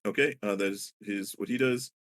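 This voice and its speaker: A man narrating as dungeon master of a tabletop game, halting with many filler pauses. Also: lowish voice, a bit bright.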